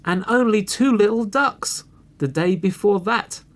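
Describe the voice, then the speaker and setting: A man voicing hungry little fox cubs in a storybook, whining in a high, raised voice. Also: a little slow. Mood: whiny.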